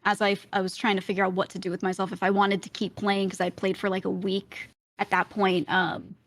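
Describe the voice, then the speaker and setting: A young woman with a light Brooklyn accent, chatting as an interview guest. She tells her story loosely, with lots of fillers and frequent laughter, at an ordinary middle pitch. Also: level tone, brisk, no room sound. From Brooklyn, New York. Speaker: streamer and roleplayer, interview guest. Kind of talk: casual interview chat.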